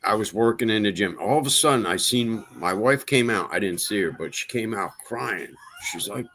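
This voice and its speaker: A man's voice: lowish voice, animated, normal speed, few pauses, bright, forceful tone. A man hosting a livestream, venting in a casual monologue with exasperation and repeating himself for emphasis. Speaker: livestream host.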